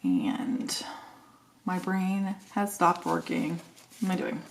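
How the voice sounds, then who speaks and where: A woman's voice: on the low side, very animated, slow, creaky, a little hiss or hum. A woman chatting casually and thinking aloud while decorating a planner, joking at her own expense. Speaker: planner vlogger.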